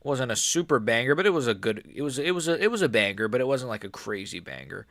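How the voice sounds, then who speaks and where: A man chats through a live stream, rambling, excitable and often restarting his sentences mid-thought. His voice sits at an ordinary middle pitch. The sound is dry and close, with no room echo. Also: fast talker. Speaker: MMA YouTuber and live streamer. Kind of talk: casual live-stream commentary.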